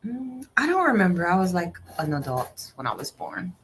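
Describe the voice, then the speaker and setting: A woman's voice: lowish voice, big pitch swings, normal speed, slight background noise. A woman co-hosting a radio talk show, speaking frankly and opinionatedly, swearing freely. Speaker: co-host.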